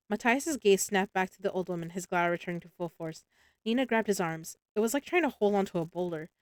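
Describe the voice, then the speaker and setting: A woman streamer reading a novel aloud in a relaxed audiobook style, with small slips and restarts. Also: mid-range voice, fast, no room sound, studio quality.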